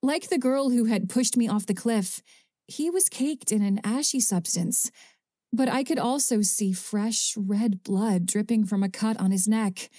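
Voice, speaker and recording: A woman with a slightly high voice narrates a first-person audiobook close to a studio mic. Her storytelling is measured and even, and the recording is dry.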